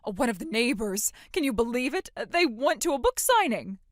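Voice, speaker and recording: The same manipulative middle-aged mother, voiced by a woman, now sounds gushing while still condescending, later growing gushing and pushy toward her daughter in this dramatic story. She speaks briskly, her slightly higher-than-average voice swinging lively between high and low. The recording is dry and close-miked.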